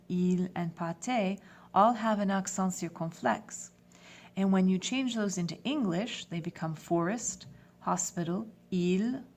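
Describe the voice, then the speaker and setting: A woman teaching a French lesson in English, giving clear step-by-step instructions. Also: fairly low pitch, a little mellow. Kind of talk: classroom lesson.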